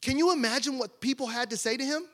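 A male pastor preaching a sermon, asking the congregation rhetorical questions and dropping to a hush for emphasis. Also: extremely high pitch, fast.

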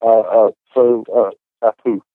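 A man's voice: lowish voice, little pitch movement, slow pace, dry recording. A man on a casual panel, talking hesitantly with many stammered restarts. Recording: tinny phone-like sound.

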